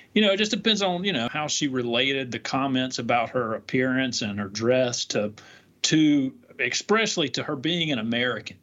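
A man, a defense lawyer co-hosting a podcast, talking in an animated, chatty way with lots of hedging fillers. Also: medium pitch. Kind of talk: conversational legal podcast discussion. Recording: dull lo-fi audio with faint noise.

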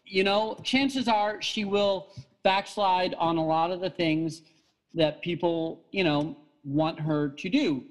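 A man's voice: sits high, takes it slowly, low-quality recording. A man chatting casually, telling a long story with many fillers and restarts and frequent laughter. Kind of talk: casual chat.

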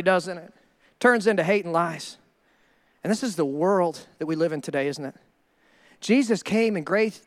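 High-voiced animated male pastor. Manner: animated, acts out quoted voices. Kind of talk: sermon.

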